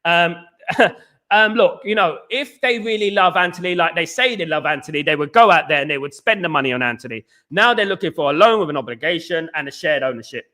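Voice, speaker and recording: A middle-aged Cockney podcast host from East London, England, rambles through a live football stream chat, repeating himself and reading viewer comments aloud. His voice sits a little high, brisk, pushed and bright, with lively intonation.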